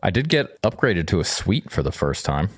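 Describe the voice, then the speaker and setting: Deep-voiced animated young man. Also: moderate pace, dry recording, clean studio sound. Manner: animated, swearing, jokey. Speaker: podcast co-host. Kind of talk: casual chat.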